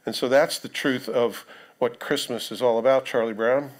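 A man at a mid-range pitch delivers a sermon as a pastor. He talks in a loose, conversational way, breaking off for asides and questions to the listeners. He reads the scripture passages aloud. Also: fairly even intonation, normal speed.

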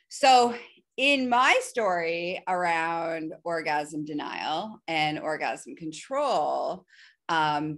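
Woman with a low voice, candidly telling a story. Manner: animated, frank, with quick asides. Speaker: podcast guest, BDSM wellness specialist. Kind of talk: candid personal storytelling in conversation.

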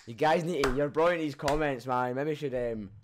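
Over a noisy background, a young Scottish YouTuber talks a little fast at medium pitch. He reads comments left on his channel and reacts cheekily, swearing freely and laughing at himself.

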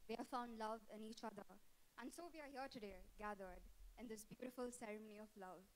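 A woman's voice: on the high side, fairly quick, slight background noise, rough recording. A nineteen-year-old woman from Dubai giving a bridesmaid's toast, teasing and laughing with lots of fillers. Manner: giggly, teasing, many fillers. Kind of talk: wedding toast speech. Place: indoor reception hall. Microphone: handheld microphone.

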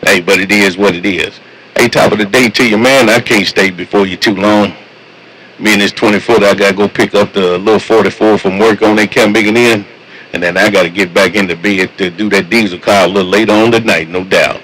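A man's voice: fairly low pitch, steady tone, brisk, fairly bright tone, a little hiss or hum, poor audio. A man talking with fellow truckers over CB radio in a laid-back, slangy way, repeating his catchphrases. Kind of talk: casual CB radio chat.

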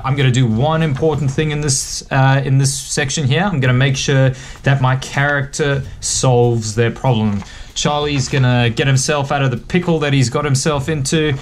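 A man from Western Australia, an author giving a relaxed, chatty writing lesson for kids. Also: medium pitch, a little hiss or hum. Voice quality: relaxed, chatty explaining with fillers. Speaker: author-illustrator teaching kids. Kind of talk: picture book writing lesson.

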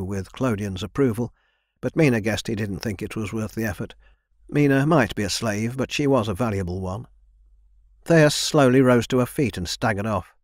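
A man narrating a young adult fantasy audiobook in an even, measured reading. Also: fairly low pitch, dry recording, studio quality. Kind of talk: scripted narration.

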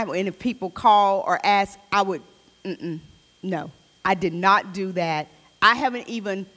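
A woman's voice: mid-range voice, fairly bright tone, long reverb tail. A woman leading a Bible study in a chatty, informal way, reading scripture aloud between personal remarks. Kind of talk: conversational Bible study teaching. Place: church hall.

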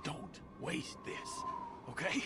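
A man's voice: takes it slowly, close to an everyday voice. A man playing Kenny, choked-up protective survivor. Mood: tearful farewell. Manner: voice breaking with emotion. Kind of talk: video game voice acting. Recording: game audio under loud music.

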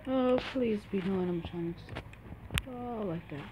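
A woman's voice: medium pitch, moderate pace, very noisy. A young adult woman commenting on a horror game as she plays, jittery and self-mocking, swearing often. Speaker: gamer.

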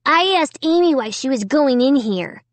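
A woman voicing a sly little boy who talks softly and acts innocent. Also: high voice, expressive, normal speed, no room sound, pitched above the performer's own voice. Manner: soft, innocent.

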